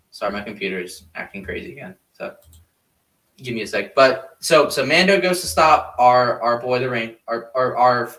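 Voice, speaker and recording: A man's voice: medium pitch, sharp tone, far from the mic, slight background noise. A man hosting a podcast in casual chat, rambling and joking, recorded in an echoey room away from the mic. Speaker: podcast host.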